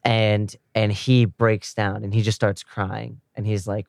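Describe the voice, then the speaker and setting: A man with a lowish, smooth, clear voice loosely retells the plot of an episode. He drifts in and out of the characters' lines as he goes. The sound is dry and close, with no room around it. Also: flat delivery, measured pace, no room sound. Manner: loose storytelling, slipping into characters' quoted lines. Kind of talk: casual plot recap.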